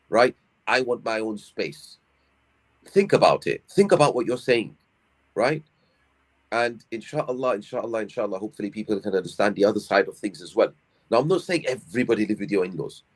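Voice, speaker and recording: A middle-aged man, an Islamic scholar giving family advice on a live stream, asking rhetorical questions and answering them himself. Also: mid-range voice.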